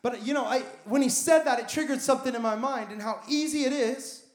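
High-voiced pastor preaching in an echoey church. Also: male voice, brisk. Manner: emphatic, builds with repeated phrases. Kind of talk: sermon. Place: church sanctuary.

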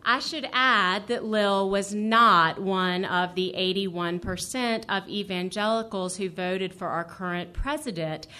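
A woman's voice: mid-range voice, a little slow, few pauses, sharp tone. A woman reading her own personal essay aloud as a featured reader, with dry, wry humor.

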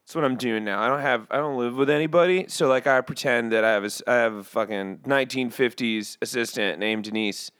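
A man playing a brash, judgmental male bird who hosts a podcast, rambling in a self-mocking way between loud bits and muttered asides. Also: medium pitch, fairly quick, hardly any pauses, clean tone, dry recording, clean studio sound, close to an everyday voice. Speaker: podcast host. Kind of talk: comedic podcast monologue.

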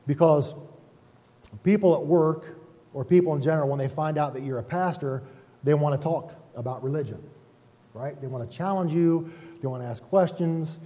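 A man who is a pastor, preaching a relaxed, conversational sermon in a folksy, self-deprecating way and often checking in with the congregation. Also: on the high side, normal speed. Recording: reverberant hall sound.

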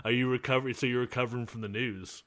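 A man co-hosting a casual podcast, laughing often and rambling through animated banter. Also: medium pitch, fast. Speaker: podcast co-host.

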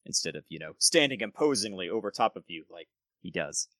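Bright, lively game master man. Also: deep voice, a little fast, no room sound. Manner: descriptive, self-correcting narration. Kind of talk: narrating a tabletop game.

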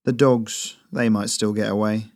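A gravelly, burly enemy sergeant, as a male storyteller puts him on, blunt and flat as he speaks. The voice sits low, and the audiobook recording is dry and close. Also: unhurried, no echo. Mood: resigned.

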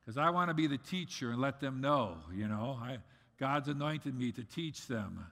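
A middle-aged man preaching a sermon as pastor, earnest, swinging between loud emphasis and soft asides. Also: medium pitch, lively intonation, moderate pace. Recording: long reverb of a large hall.

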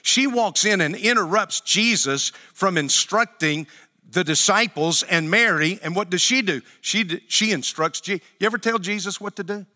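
A pastor preaching a sermon in a church, with an emphatic, repetitive cadence. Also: male voice, high-pitched, normal speed, pushed and bright. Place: church sanctuary. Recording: long hall reverb.

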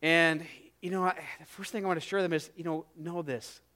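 Middle-aged male pastor mid-sermon; high, resonant voice, earnest and emphatic, with quiet drops for emphasis. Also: steady tone, fairly quick. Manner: earnest, emphatic, drops to a hush on key phrases, repeats words.

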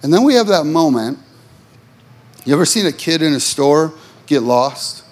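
A male pastor delivers a sermon in rhythmic, repetitive phrases, his voice swinging between impassioned highs and sudden low, quiet emphasis. His intonation is lively and his pace normal.

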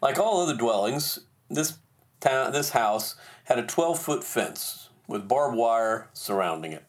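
A man hosting a podcast, telling a personal story in a self-deprecating, animated way. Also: medium pitch, a little slow. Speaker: podcast host.

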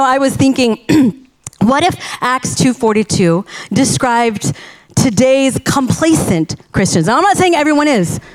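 A woman pastor preaching with a very high, light voice. She tells her story in an animated way, doubling key phrases for emphasis as she builds toward her point. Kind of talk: sermon.

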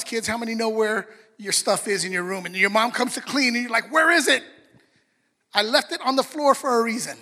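A man's voice: high-pitched, pushed and bright. A middle-aged man preaching a sermon, telling a story animatedly and speaking directly to the congregation. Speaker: pastor. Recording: long hall reverb.

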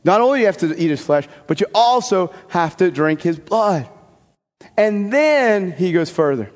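Male priest, high-pitched, chatty animated homily, reverberant church. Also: normal speed. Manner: conversational, animated, folksy asides. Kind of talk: sermon.

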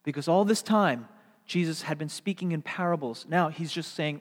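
A man's voice: on the high side, normal speed. Reverberant male preacher. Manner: rhetorical questions, swings from emphatic to hushed. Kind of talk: sermon.

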